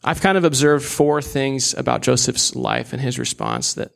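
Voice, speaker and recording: A man's voice: medium pitch, huge pitch swings, moderate pace, gravelly. A young man preaching a sermon in an earnest, candid way, with casual asides.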